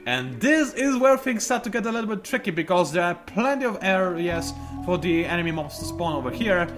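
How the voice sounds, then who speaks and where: A man's voice: sits high, lively intonation, a little fast. A man commenting on a strategy game as he plays it, chatty and explaining each move, often trailing off and restarting sentences. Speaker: let's play commentator. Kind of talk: gameplay commentary. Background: game music.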